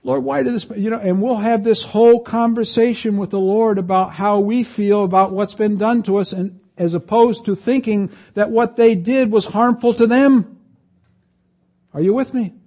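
Mellow-voiced man preaching a sermon. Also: steady tone, normal speed. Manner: conversational preaching, reads scripture aloud, rises in pitch for emphasis. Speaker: pastor.

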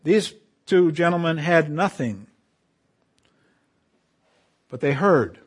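A man's voice: a little high, expressive, slow, husky. Man preaching a sermon, rising and falling. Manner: preaching with swells and drops in loudness, quoting scripture emphatically. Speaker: pastor.

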